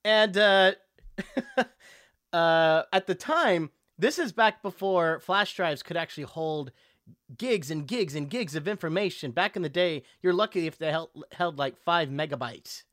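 A man who is a voice actor, a guest in a casual interview, telling animated stories and slipping into character voices. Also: fairly high pitch, unhurried, no echo, studio quality.

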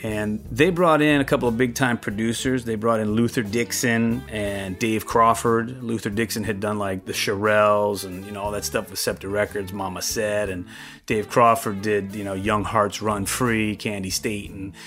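Man telling an animated studio story. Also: lowish voice, normal speed, faint music behind. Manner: animated, acts out the voices of others in his anecdotes. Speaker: interviewee recounting his studio career. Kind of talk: casual storytelling.

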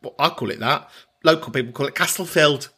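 A man hosting a comic podcast, talking in a theatrical, teasing way with sudden loud outbursts. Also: mid-range voice, fast talker, husky. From Ireland. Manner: theatrical, teasing, bursts into shouts. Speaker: podcast host.

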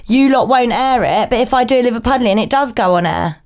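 A woman's voice: fairly high pitch, brisk, a little mellow. A young woman with a Home Counties English accent, co-hosting a casual chat and arguing her point with provocative, swearing banter. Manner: chatty, provocative, swears freely. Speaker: podcast co-host.

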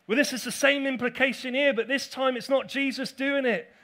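High-voiced man preaching. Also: steady tone, brisk, sharp tone. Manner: storytelling, playful asides, acts out quotes. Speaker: pastor. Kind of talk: sermon. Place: church before a congregation.

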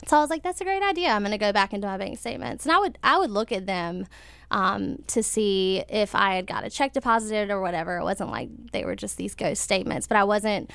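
A woman's voice: medium pitch, fairly quick, creaky, a bit bright, dry recording. A young woman, telling a personal story in casual conversation, full of fillers and little laughs. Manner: chatty, many fillers, laughs while telling.

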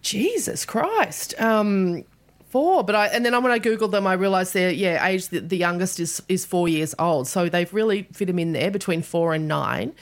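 Animated Australian woman podcast host. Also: lowish voice, moderate pace. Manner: animated storyteller, laughs often, swears. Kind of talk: casual chat.

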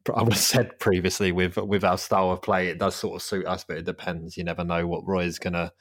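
A man's voice: low voice, flat delivery, brisk, no room sound, clean studio sound. A man hosting a casual football podcast, rambling and laughing often. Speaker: podcast host.

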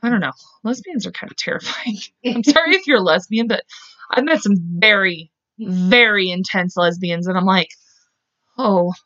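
A woman's voice: mid-range voice, normal speed, fairly bright tone, no room sound, dull audio. A woman co-hosting a podcast, telling a true-crime case in a casual, profane, rambling way. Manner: profane, chatty, laughs and goes off on tangents. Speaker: podcast co-host.

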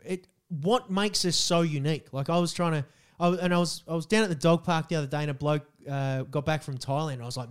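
An Australian man with an Australian accent, ranting and swearing in casual comedic podcast chat, sometimes shouting mock chants. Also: on the high side, fast talker, clear, resonant tone. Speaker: podcast co-host.

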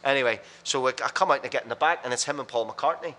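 A man, a radio presenter, telling rapid, blunt anecdotes in casual chat on a podcast. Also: medium pitch, pushed and bright, a little hiss or hum.

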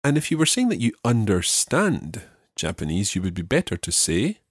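Guy teaching french on a podcast, lowish husky voice, super dry sound, slow clear repeats. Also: wildly swooping pitch, no room sound. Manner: patient, clear, repeats phrases slowly. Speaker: language teacher host. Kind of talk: podcast language lesson.

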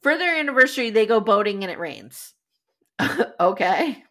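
A woman's voice: fairly high pitch, very animated, moderate pace, a bit bright. A woman co-hosting a casual podcast chat, recapping episodes with wry asides, sniffly with a cold. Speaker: podcast co-host.

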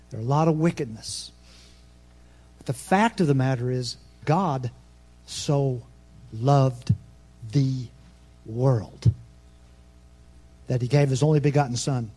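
A pastor preaching a sermon, nervous and fast-talking, with folksy asides that swing between soft remarks and loud, ringing proclamation. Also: male voice, mid-range voice. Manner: folksy, self-deprecating asides.

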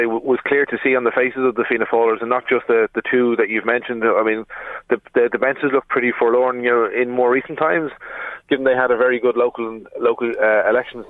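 A man's voice: mid-range voice, no room sound. A man with an Irish accent, a political editor speaking down a phone line on a radio show, explaining steadily with many fillers and restarts.

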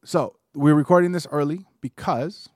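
A man's voice: a little high, normal speed, a little mellow, no room sound, studio quality. A man co-hosting a podcast, chatting casually and joking, with a rambling style full of fillers and restarts. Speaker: podcast co-host.

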